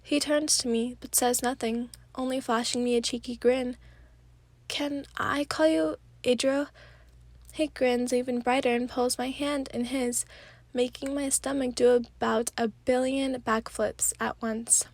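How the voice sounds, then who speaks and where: A tired woman with a stuffy, blocked-up voice narrates a soft, sleepy ASMR story. Her voice is high and stays level, with little rise or fall. The recording is close and dry. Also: level tone, moderate pace, no room sound. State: stuffy nose.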